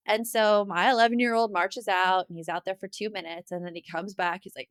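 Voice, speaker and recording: A woman co-hosting a parenting podcast, chatting casually and telling animated stories. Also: mid-range voice, a little fast, few pauses, clean tone, no echo. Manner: chatty storyteller, animated quoting. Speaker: podcast co-host. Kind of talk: casual chat.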